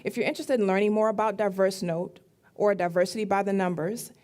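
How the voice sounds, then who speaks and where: Woman closing a formal startup pitch. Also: steady tone, fast, a little mellow. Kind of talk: demo day pitch.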